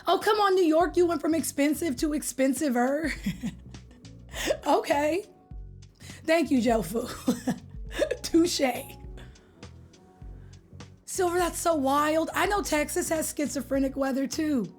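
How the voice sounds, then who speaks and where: A young woman from California chats with her live stream viewers in a bright, high voice. She talks loosely and playfully, full of slang, and greets people by name. Soft music plays quietly in the background. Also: takes it slowly, long pauses. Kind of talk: casual chat with live viewers.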